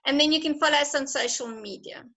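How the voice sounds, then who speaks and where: Bright, high-voiced encouraging woman teacher. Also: quick pace, poor audio. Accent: South African. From South Africa. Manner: encouraging, chatty, laughs often. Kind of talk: online class lesson.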